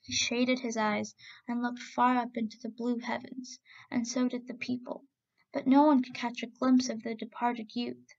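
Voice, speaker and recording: A woman narrating a folk tale in a steady, expressive reading voice. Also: a little high, normal speed, gravelly, lo-fi sound. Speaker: storyteller. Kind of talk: storybook narration.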